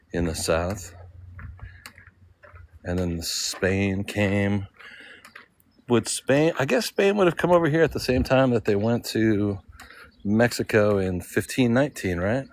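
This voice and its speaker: A man with a fairly low voice rambles as he strolls through a sunny cemetery, thinking aloud and posing questions to himself as he goes. His casual vlog talk is recorded outdoors, and clear clicking noise sits behind it. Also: low-quality recording. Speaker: vlogger. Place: outdoor cemetery in full sun.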